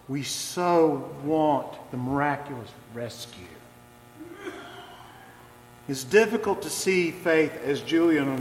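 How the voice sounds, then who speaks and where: Male pastor, slightly high voice, deliberate sermon delivery, echoey sanctuary sound. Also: a little hiss or hum. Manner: reflective, deliberate preaching with slow emphatic phrases.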